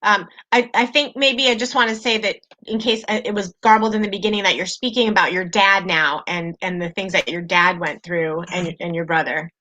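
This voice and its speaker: A woman with a bright, clear voice who moderates the session from a video call. She speaks gently and reassuringly to keep the speaker going. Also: medium pitch, steady tone, a little fast, hardly any pauses, poor audio.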